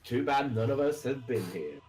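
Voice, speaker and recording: A man playing a tabletop game, laid-back and planning moves out loud. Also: medium pitch, sing-song, moderate pace, soft background music, low-quality recording. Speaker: player.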